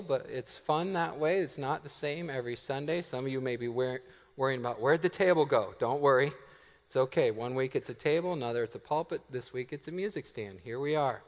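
A male pastor preaching a sermon in a church, telling stories with a lively, self-deprecating delivery. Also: medium pitch, brisk, long reverb tail. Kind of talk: sermon storytelling. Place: church sanctuary.

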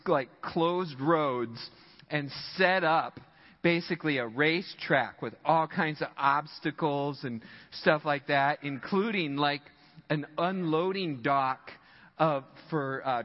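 A man preaching a sermon as pastor, telling a story in an animated way and laughing often, in a church sanctuary. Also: fairly high pitch, slow, in a large hall, dull audio.

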